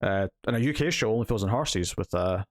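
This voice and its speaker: A man's voice: fairly low pitch, lively intonation, fairly quick, dry recording, clean studio sound. A man hosting a casual TV news podcast, chatting with lots of fillers and frequent laughter. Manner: laughs often, filler-heavy rambling. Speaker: podcast host. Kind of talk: casual chat.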